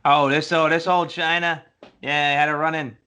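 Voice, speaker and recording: A man's voice: fairly high pitch, level tone, normal speed, sharp tone, smooth. A man playing a brash sales manager. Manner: brash, salesy, repeats himself. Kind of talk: improvised comedy sketch. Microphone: video call.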